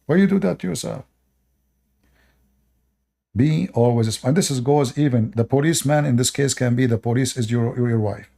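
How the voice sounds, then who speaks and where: Channel host, male: preachy advice monologue, non-native English, dark mellow tone. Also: mid-range voice, moderate pace, gravelly, long pauses. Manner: lecturing, rhetorical questions, repeats short commands.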